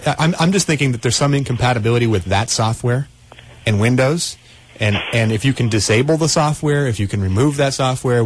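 A man with a somewhat low voice runs a call-in tech show from a radio studio. He talks in a loose, folksy way, circling back and restarting his sentences as he explains things. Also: slight background noise. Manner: rambling, restarts often, folksy. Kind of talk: casual call-in radio chat.

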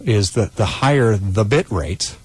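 Husky, animated male radio host. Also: lowish voice, a little slow. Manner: chatty, animated, laughs easily. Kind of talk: casual radio chat. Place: radio studio. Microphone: studio microphone.

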